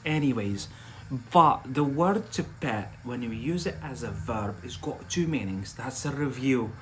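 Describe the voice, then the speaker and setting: A man's voice: mid-range voice, animated, unhurried, a bit bright. A man teaching a live online English vocabulary lesson, explaining step by step with many fillers and restarts and checking understanding with "yeah?".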